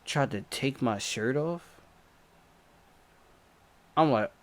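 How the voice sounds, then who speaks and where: A man telling a story in casual storytime narration, animated, with loud yells and sound effects. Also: medium pitch, takes it slowly. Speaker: storyteller, channel host.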